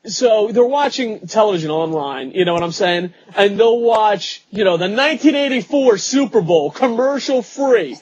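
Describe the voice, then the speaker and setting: A man hosts a homemade online talk show and rambles through blunt, sarcastic opinions. His voice sits high and sounds husky. He talks from a small studio. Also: animated, moderate pace, few pauses, lo-fi sound. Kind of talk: casual chat.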